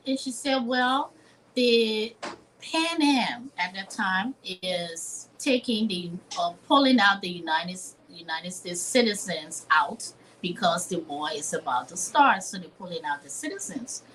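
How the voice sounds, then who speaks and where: A woman's voice: mid-range voice, animated, a little slow, a bit bright, slight background noise, poor audio. A woman from Liberia in her fifties, a chef telling a personal story in a live interview with an earnest, dramatic manner. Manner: earnest, dramatic, acts out quoted voices. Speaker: chef guest.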